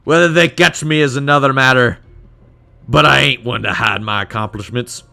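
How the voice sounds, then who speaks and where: A man's voice: mid-range voice, normal speed, vocal fry, sharp tone. A man voicing a blunt, proud male dwarf in a wandering Scottish accent while playing a game. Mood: gruff. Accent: attempted Scottish, wandering. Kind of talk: game playthrough voice acting.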